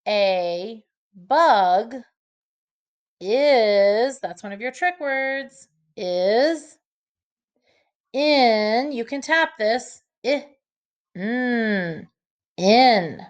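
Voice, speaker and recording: Slow, patient woman teaching children to read. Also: fairly high pitch, animated, lo-fi sound. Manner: slow, clearly sounds out each word and letter. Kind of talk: early reading lesson for children.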